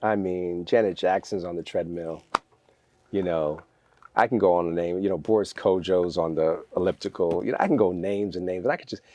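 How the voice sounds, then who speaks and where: A man telling lively stories as a guest in a podcast interview, acting out what others said. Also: sits low, brisk, a little hiss or hum. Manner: energetic, animated storyteller acting out quotes. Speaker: guest, fitness trainer.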